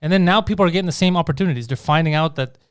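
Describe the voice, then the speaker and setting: A man's voice: a little high, rapid-fire, smooth, dry recording, studio quality. A man co-hosting a casual comedy podcast, ranting with lots of swearing and restarts. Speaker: podcast co-host.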